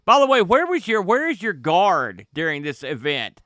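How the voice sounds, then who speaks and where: A man narrating a tabletop game as game master, lively and quick with laughs. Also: high-pitched, no room sound, studio quality.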